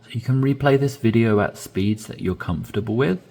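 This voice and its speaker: A man teaching English conversation, modeling phrases slowly with deliberately stressed inflection. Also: medium pitch, mellow. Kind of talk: language lesson, reading dialogue aloud.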